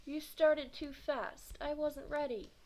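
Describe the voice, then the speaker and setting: A swaggering, taunting teenage boy, cocky and tough, read aloud by a woman. The voice sits fairly high with a gravelly edge. It comes from a storybook read-aloud. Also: unhurried. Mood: indignant.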